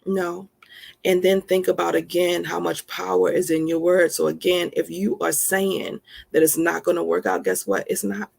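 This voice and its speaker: Woman speaker, motivational self-help talk, emphatic and homespun, slight gravel in the voice. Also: fairly low pitch, flat delivery, normal speed, darkish tone. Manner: emphatic and folksy, calls listeners honey.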